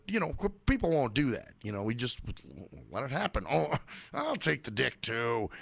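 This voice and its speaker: A man's voice: medium pitch, fairly bright tone, dry recording. A man hosting a radio show, ranting in a profane, sarcastic monologue. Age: adult working age.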